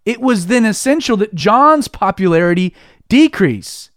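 A man's voice: high-pitched, lively intonation, a little slow, fairly bright tone, no room sound, studio quality. A man giving a casual devotional teaching, talking in a conversational way with many restarts. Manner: conversational, heavy use of "like", frequent restarts. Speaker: Christian preacher.

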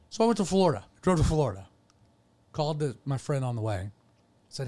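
A man's voice: medium pitch, very animated, fast talker, pauses often, warm tone. A man hosting a podcast, telling a personal story in an earnest, rambling way with frequent restarts. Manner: earnest, rambling, self-correcting. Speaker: podcast host. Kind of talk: casual chat, personal storytelling.

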